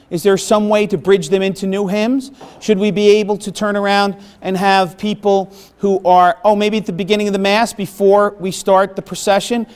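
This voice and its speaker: A middle-aged man gives a workshop presentation in a fairly high voice. He talks conversationally to a room of listeners and keeps checking that they follow. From the Bronx, New York. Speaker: presenter on parish planning.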